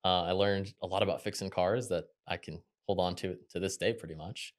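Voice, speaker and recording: A young man, telling stories from his working life as a podcast guest in a quick, chatty way. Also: sits low. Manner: quick, chatty, animated when quoting others. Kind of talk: casual interview storytelling.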